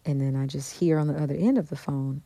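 A woman with a strikingly low, warm voice tells a personal story as a radio interview guest. She talks in an animated way, slipping into the voices of the people she quotes. The studio sound is close and dry. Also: fast talker, gravelly, dry recording.

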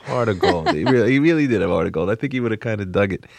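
A very low, gravelly male voice. He is a comedian from the New Jersey suburbs, rambling and excitable in an interview, and keeps tripping over restarts. The sound is dry and close. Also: racing, dry recording. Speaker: comedian guest. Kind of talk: casual interview talk.

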